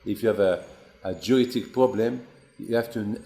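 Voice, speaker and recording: Animated storytelling man. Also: unhurried, echoey room. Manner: animated storyteller, acts out quotes with rising pitch. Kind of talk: Torah class storytelling.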